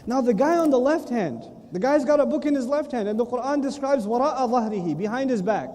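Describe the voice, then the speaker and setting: Lecturer, male, high mellow voice, animated storyteller, echoey hall. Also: very fast. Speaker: Islamic lecturer. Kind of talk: humorous religious lecture.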